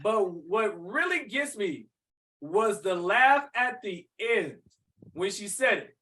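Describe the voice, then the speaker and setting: High, bright-voiced animated man. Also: slow, distant mic. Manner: animated, laughing, crude slang. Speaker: podcast co-host. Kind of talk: casual podcast banter.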